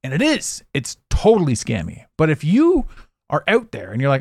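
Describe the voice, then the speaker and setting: A man's voice: on the high side, wildly swooping pitch, brisk, a little mellow, no room sound, studio quality. A man hosting a podcast, talking bluntly in a casual motivational monologue and swearing freely. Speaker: podcast host and life coach.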